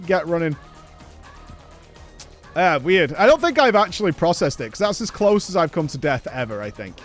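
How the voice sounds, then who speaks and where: A man's voice: on the high side, big pitch swings, normal speed, soft background music. A man in casual chat, rambling through a story with frequent swearing and nervous laughs. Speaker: show host.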